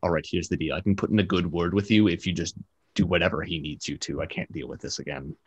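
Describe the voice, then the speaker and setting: A man's voice: low-pitched, moderate pace, no room sound, muffled recording. A man voicing a young, sullen and tired official as game master in a tabletop game. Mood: weary. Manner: weary, dry, reluctant.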